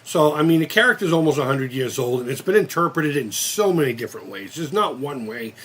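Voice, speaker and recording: A man's voice: a little high, animated, brisk. A man of fifty hosting a casual live-stream chat, rambling and cursing with many restarts. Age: 50s. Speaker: channel host.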